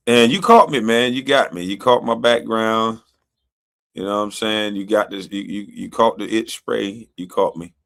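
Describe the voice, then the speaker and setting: A low-voiced man mocking a rival. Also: fairly bright tone. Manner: mocking, taunting, dismissive. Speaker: streamer reacting to video clips. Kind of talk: casual reaction commentary.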